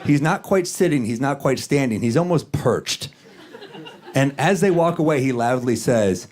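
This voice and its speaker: A man doing stand-up comedy on stage, telling a story with a wry, self-deprecating delivery and quick jumps into acted-out voices. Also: mid-range voice, expressive, crowd noise. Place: comedy stage before a live audience. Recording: clear audience noise. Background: audience laughter.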